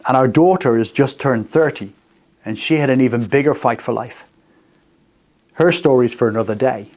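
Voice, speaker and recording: A man in his sixties, hosting a radio faith talk from the studio, speaks at normal speed with a mid-range voice and a darkish tone. His delivery is earnest and personal, made of short phrases said again and again.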